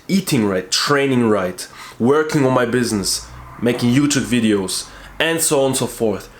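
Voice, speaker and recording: A man talking earnestly to camera as a YouTuber, stressing key words by repeating them and restarting sentences as he searches for words. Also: mid-range voice. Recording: roomy echo.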